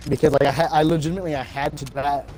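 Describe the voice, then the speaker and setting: A man's voice: fairly high pitch, steady tone, rapid-fire, warm tone, slight background noise. Chatty male streamer, swearing at the game. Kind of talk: casual chat while gaming.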